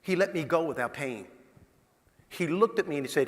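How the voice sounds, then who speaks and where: A man giving a humorous motivational talk, telling a story to a live audience in a punchy, animated way. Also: a little high, fairly quick, pauses often. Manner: animated, punchy, talks directly to the crowd. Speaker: motivational speaker. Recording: long reverb of a large hall.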